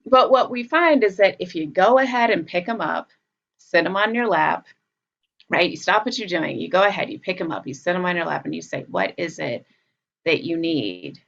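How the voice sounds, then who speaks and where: A woman psychologist, a guest speaking in a calm, patient way and explaining with everyday examples. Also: fairly low pitch, a little fast, creaky, lo-fi sound. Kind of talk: casual conversational explanation.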